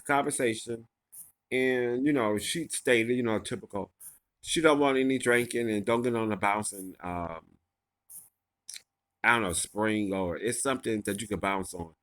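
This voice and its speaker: Bright-voiced man gossiping through a recap. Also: mid-range voice, measured pace. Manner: rambling and gossipy, full of fillers. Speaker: reality show recapper. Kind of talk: casual episode recap.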